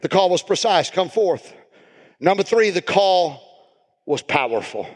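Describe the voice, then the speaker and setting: Guy preaching a sermon, pretty high voice, big echoey church, gets loud and repeats lines. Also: very animated, unhurried, husky. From United States. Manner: preaching with rising, shouted emphasis and repetition. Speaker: pastor. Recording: reverberant hall.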